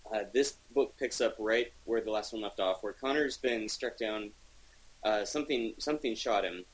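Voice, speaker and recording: A man's voice: lowish voice, slightly rough, poor audio. A man co-hosting a podcast, talking enthusiastically in a rambling casual way with many restarts. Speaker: podcast co-host reviewing comics. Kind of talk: casual chat.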